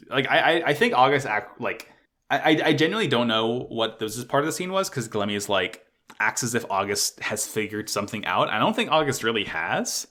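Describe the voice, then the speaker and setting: Excitable, profane male podcast co-host. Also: fairly low pitch, brisk. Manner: profane, excitable, voices characters loosely. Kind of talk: casual anime recap chat.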